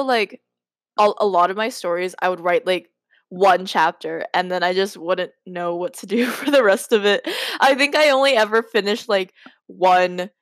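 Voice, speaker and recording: A woman's voice: mid-range voice, a bit bright, no echo, clean studio sound. A young woman hosting a casual podcast, reading her old writing aloud and mocking it with lots of laughter and "like". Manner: giggly, self-mocking, says "like" a lot. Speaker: podcast host.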